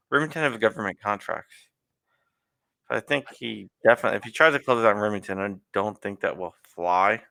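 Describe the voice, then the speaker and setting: A man's voice: on the low side, gravelly, bright, forceful tone, no echo. A man hosting a casual live-stream interview, rambling with frequent restarts and chuckles. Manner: rambling, restarts often, laughs while talking. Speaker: host.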